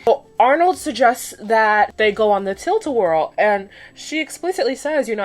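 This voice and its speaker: A woman's voice: fairly high pitch, animated, measured pace, soft background music. A young woman vlogger, chatty and slangy, who laughs often as she recaps a cartoon while doing her makeup. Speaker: beauty vlogger.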